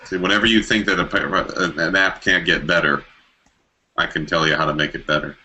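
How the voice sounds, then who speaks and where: A man's voice: deep voice, steady tone, a little fast, sharp tone, breathy edge. A man co-hosting a podcast, chatting casually about tech with dry jokes. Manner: dry joking, matter-of-fact. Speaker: podcast co-host.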